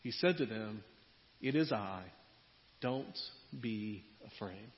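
A man preaching a sermon in a conversational way, his voice swinging between loud and quiet. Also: on the high side. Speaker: pastor. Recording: muffled sound in a reverberant hall.

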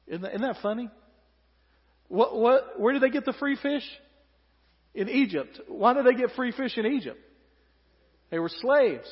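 A male pastor preaching a sermon, animated, acting out quoted voices and joking with the congregation. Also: very high voice, moderate pace, pauses often. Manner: animated, acts out quoted voices, humorous asides to the audience. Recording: dull recording with long hall reverb.

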